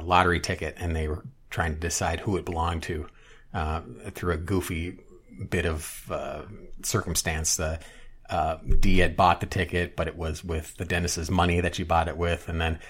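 A man chatting casually on a podcast, retelling a sitcom episode at length with restarts and loud acted-out quotes. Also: low voice, husky. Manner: rambling storyteller, many restarts, acts out quotes loudly. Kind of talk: casual chat.

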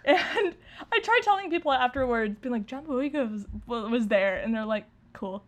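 A woman's voice: a little high, lively intonation, brisk. A young woman chatting casually as a podcast co-host, sounding nervous, rambling with fillers and restarts and laughing often. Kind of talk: casual chat.

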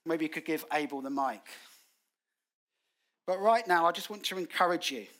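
A man preaches in a church, his voice sitting a little high and ringing bright. He tells stories with energy, acting out quotes in colloquial British phrasing. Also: normal speed. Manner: animated storytelling with acted quotes. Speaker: guest preacher. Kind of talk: sermon.

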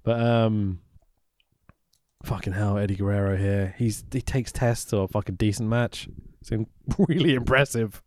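A man casually co-hosting a podcast, excitable and sweary, laughing often as he recaps. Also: lowish voice, measured pace, no room sound, clean studio sound. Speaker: podcast co-host recapping wrestling. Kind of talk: casual chat.

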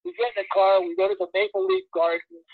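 A man's voice: extremely high pitch, fast, creaky, slightly rough, no room sound. A man casually telling anecdotes about his years as a record promotion man, acting out the voices of people in his stories. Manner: animated storyteller acting out quoted voices. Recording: dull lo-fi dry recording.

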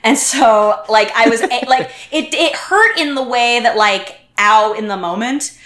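A woman's voice: on the high side, unhurried. A woman guest on a podcast, telling a story in casual chat and acting out what people said. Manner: animated, acts out what people said. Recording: roomy echo.

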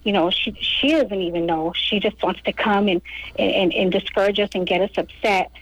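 A woman's voice: mid-range voice, moderate pace, dry recording, rough recording. A woman, the wife of a prisoner, giving a personal account as a guest on a live radio program, with many fillers and bits of retold dialogue. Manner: fillers, retells scenes in quoted dialogue.

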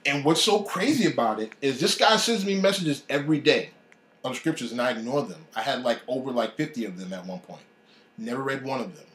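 A man's voice: medium pitch, expressive, brisk, a bit bright. A man casually telling a personal faith story. He talks with animation and acts out the voices of people he quotes. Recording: echoey room.

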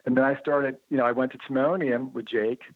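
A man recounting stories as an interview guest, voicing the people he quotes with lively shifts. His voice sits at an ordinary middle pitch. The sound is thin and narrow like a phone call, with no room echo at all. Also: a little fast. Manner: lively storyteller who acts out quoted dialogue. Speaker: interview guest, motorcycle writer. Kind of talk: anecdotal storytelling in an interview. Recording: narrow phone-like line, dry.

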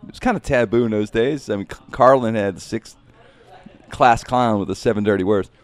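A man's voice: fairly low pitch, moderate pace. A man, a comedian, talking in a casual interview, rambling and reflective, often saying "man.".

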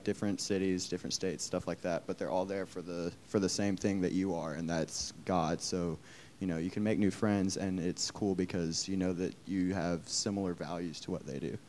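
A young man sharing a testimony in a halting, casual way. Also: sits low, darkish tone, slight background noise.

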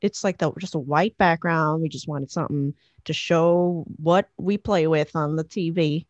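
Rambling young woman, lowish voice. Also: fairly even intonation, moderate pace, no room sound, dull audio. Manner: rambling, many likes and fillers, playful. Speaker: DJ and music producer, guest. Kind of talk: casual interview chat.

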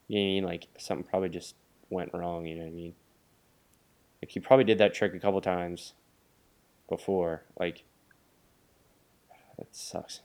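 A man's voice: sits low, level tone, moderate pace, gravelly, pauses often, darkish tone. A young man co-hosting a podcast, laid-back and joking in casual chat. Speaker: podcast co-host.

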